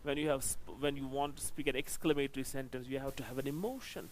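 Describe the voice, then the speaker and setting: A man teaching a grammar lesson, stressing each example sentence slowly and now and then slipping into Hindi. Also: mid-range voice, steady tone, background noise. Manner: slow, emphatic delivery with drawn-out example sentences; code-switches into Hindi to explain. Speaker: English teacher.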